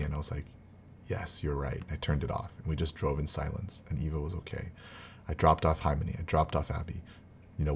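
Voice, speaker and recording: A man's voice: a bass voice, a little hiss or hum. A man telling a personal family story in a casual, rambling, earnest way. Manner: rambling, earnest, with restarts and quiet laughs. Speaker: vlogger, father.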